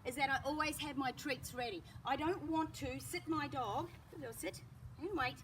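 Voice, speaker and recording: A woman dog trainer explaining calmly, with bursts of high praise for the dog. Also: moderate pace. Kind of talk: outdoor training demonstration. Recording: distant mic with loud outdoor noise.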